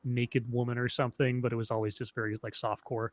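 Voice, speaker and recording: A man in his thirties rambles through memories in loose, animated streamer chat, full of restarts. His voice sits at an ordinary middle pitch. The sound is close and dry. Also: fast talker, no echo. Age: 30s. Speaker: streamer co-host. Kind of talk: casual chat.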